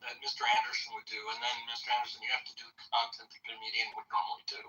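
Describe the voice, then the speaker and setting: A man's voice: medium pitch, completely flat delivery, very fast, bright, forceful tone. A man rambling casually, full of fillers, shrugging off insults in a podcast chat. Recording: roomy, distant, dull audio.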